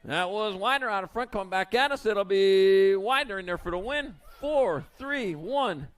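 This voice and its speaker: A man announcing BMX races live at an outdoor track, calling the riders with playful nicknames in a quick, folksy manner. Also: high-pitched, expressive, a bit bright, smooth. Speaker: race announcer. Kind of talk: live race commentary.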